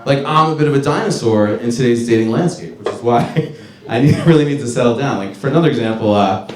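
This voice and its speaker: A man in his thirties doing a stand-up comedy set on a club stage, talking in a loose, rambling, profane way and shouting his punchlines. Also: medium pitch, fast talker. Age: 30s. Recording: roomy club with crowd laughter. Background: laughing audience.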